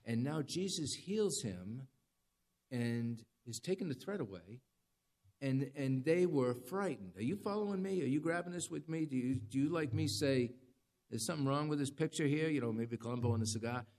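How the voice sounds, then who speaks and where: A man's voice: medium pitch, lively intonation, normal speed, darkish tone. A man preaching a sermon in a conversational, dramatic way, with rising emphasis. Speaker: pastor.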